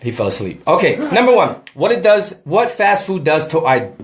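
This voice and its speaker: A man's voice: on the high side, big pitch swings, normal speed, roomy sound. Breathless man vlogging his home workout. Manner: chatty, talks to camera and a friend. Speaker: fitness vlogger. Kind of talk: casual home workout vlog.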